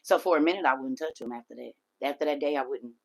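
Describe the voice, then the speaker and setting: A woman hosting a livestream, telling a personal story in a casual, animated way and talking straight to her viewers. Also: a bass voice, quick pace. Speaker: livestream host.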